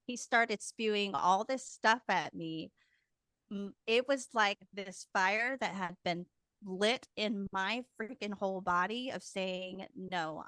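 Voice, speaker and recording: A woman's voice: mid-range voice, a bit bright, clean tone, no room sound, studio quality. A woman guest telling her personal story frankly and emotionally, swearing casually. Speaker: podcast guest.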